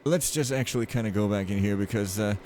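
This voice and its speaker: A man's voice: on the low side, fast, noisy background. A man casually commenting on a game as he plays, rambling and jokey with lots of filler. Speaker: let's play host.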